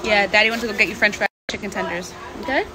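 A woman's voice: medium pitch, fast talker, a loud crowd. A mother filming a casual family vlog outdoors, cheering her little son on in baby talk and laughing often. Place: outdoors at a farm with slides and apple picking. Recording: loud outdoor background noise.

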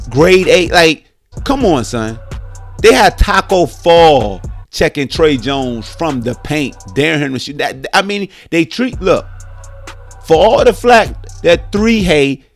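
Animated slangy man hosting a sports podcast. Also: a little high, slow, soft background music. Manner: animated, slangy, talks straight to listeners. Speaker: podcast host. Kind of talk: casual sports podcast rant.

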